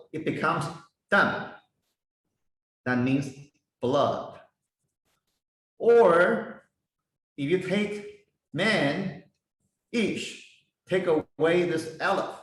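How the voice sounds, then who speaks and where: A man teaching a Bible lesson, slowly spelling out Hebrew words and their meanings one by one. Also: a little high, pushed and bright. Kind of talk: slow explanatory lesson. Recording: echoey room, voice heard from a distance.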